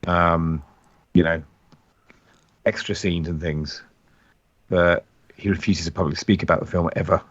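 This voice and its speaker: A man co-hosting a casual film watch-along, explaining background trivia in a relaxed way. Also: deep voice, measured pace, pauses often, no room sound, muffled recording. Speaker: podcast co-host.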